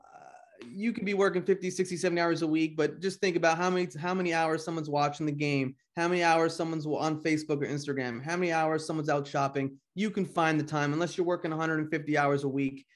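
A man's voice: fairly high pitch, steady tone, fast talker. A man co-hosting a podcast interview, talking casually and bluntly, swearing freely. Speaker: podcast co-host.

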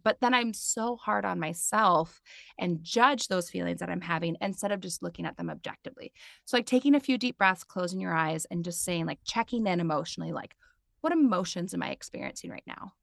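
A woman's voice: mid-range voice, expressive, fairly quick, gravelly, a bit bright, no room sound, studio quality. A woman in her thirties, a podcast guest and mindfulness teacher, talking in a chatty way with lots of filler words. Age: 30s. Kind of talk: casual interview chat.

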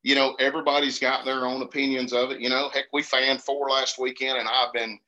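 A man from Georgia with a Southern accent, telling hunting stories in an earnest, animated way in casual conversation. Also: mid-range voice, brisk. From Georgia, USA. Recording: dull lo-fi sound.

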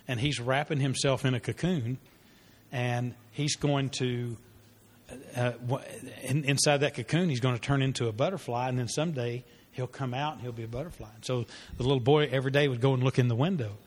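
Long hall reverb surrounds this pastor as he leads a parenting class at church. He talks earnestly and conversationally, with fillers and restarts, in sermon-style teaching built around a story. His voice is medium-pitched, fairly even in intonation, and fairly quick.

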